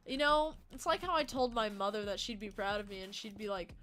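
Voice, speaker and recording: A woman's voice: mid-range voice, animated, fairly quick, few pauses, a bit bright. A young woman livestreaming and chatting casually with her viewers, rambling, joking and swearing freely. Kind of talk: casual chat with stream viewers. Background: faint game music.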